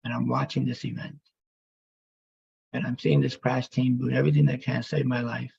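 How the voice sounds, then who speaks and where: Male speaker, rough gravelly rasp, halting emotional testimony, muffled sound. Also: mid-range voice, little pitch movement, darkish tone. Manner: halting, emotional, with pauses and restarts. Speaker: speaker telling his near-death story.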